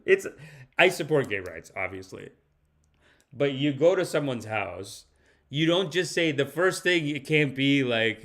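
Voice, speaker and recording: A man's voice: medium pitch, a little slow. A man hosting a podcast, giving casual comedic commentary and mocking the news he reacts to. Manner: animated, mocking, breaks into impressions. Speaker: podcast host.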